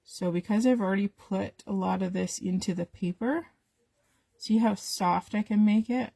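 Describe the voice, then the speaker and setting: A woman's voice: mid-range voice, normal speed, vocal fry, dark tone, dry recording, studio quality. A woman who is losing her voice, chatting to viewers while she demonstrates a craft on a live stream. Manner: talks to viewers while she works, with little asides.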